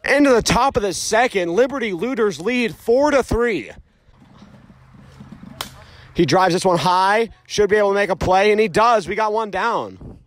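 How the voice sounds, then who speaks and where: A young man giving casual, joking play-by-play commentary outdoors at a backyard game, getting excitable and shouting on big hits. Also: sits high, unhurried, long pauses. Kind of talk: casual amateur sports commentary. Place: outdoors at a backyard ball field.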